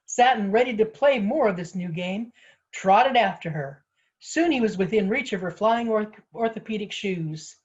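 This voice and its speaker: A woman's voice: medium pitch, moderate pace, husky. Woman author reading her story aloud. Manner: expressive, lively storytelling. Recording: slightly muffled lo-fi audio.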